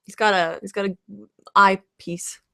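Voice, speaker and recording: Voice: medium pitch, level tone, unhurried, pushed and bright. A co-host in a casual live stream chat, teasing and joking. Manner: playful, teasing.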